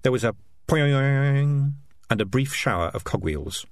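A man reads an audiobook with an expressive storyteller's delivery, his pitch rising and falling in lively swings. The recording is dry and close, with no room sound. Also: unhurried, dry recording. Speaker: narrator. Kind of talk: audiobook narration.

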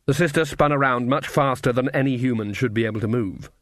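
A man narrating an audiobook in a measured, even way. His voice sits at a middling pitch and sounds dry and close, with no room around it. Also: no room sound.

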